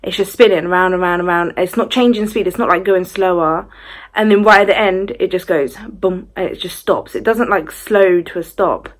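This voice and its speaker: A woman's voice: on the low side, moderate pace. A young woman, telling a personal story to camera in a chatty way with lots of fillers. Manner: chatty retelling with many fillers. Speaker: vlogger. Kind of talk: casual storytime.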